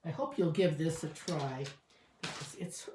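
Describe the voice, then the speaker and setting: A woman with a fairly low voice walks through a craft project in a relaxed tutorial. She chats and thinks aloud as she works, and her voice carries some echo from the room. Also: measured pace, slight background noise. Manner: chatty, thinking aloud with fillers. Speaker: crafting demonstrator.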